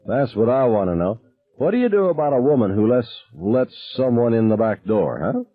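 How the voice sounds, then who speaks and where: A man's voice: mid-range voice, very animated, normal speed, dry recording, pitched above the performer's own voice. A man voicing a very drunk, crude man joking by a campfire in a storybook reading. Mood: drunk jeering. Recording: tinny, phone-like narrow sound.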